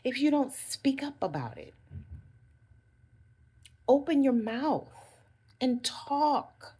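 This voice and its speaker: A woman's voice: sits high, very animated, slow, warm tone, slightly rough. Earnest woman giving life advice. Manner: earnest, advising, repeats phrases for emphasis. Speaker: vlogger. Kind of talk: casual motivational talk to camera.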